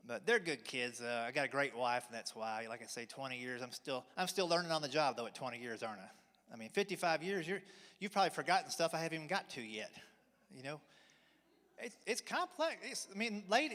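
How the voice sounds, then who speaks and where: A man in his forties delivers a folksy stand-up routine with an unhurried, drawling storyteller's manner. His voice sits a little high for a man. The sound rings with the long reverb of a big church hall. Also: expressive, sharp tone. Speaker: stand-up comedian. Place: church hall, live audience.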